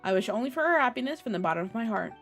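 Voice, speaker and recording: A woman's voice: fairly high pitch, expressive, very fast, soft background music. A woman voicing a gallant, wistful old male cat swashbuckler, reading game dialogue aloud in formal storybook phrasing.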